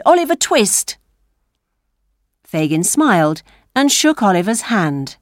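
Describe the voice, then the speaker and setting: A woman narrating a classic story aloud for language learners, slow and expressive. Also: fairly low pitch, no echo, studio quality. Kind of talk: reading a graded story aloud.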